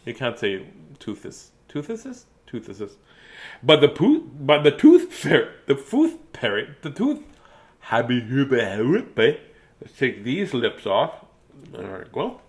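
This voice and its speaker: A man's voice: mid-range voice, huge pitch swings, a little slow. Playful man reading picture books. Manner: playful, silly, laughing, chatty asides. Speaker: children's book reader.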